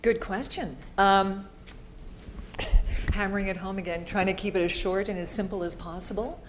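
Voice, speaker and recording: A woman's voice: medium pitch, fairly even intonation, moderate pace, slight background noise. A woman voice-over artist answering audience questions at a live panel, chatty and upbeat, laughing easily.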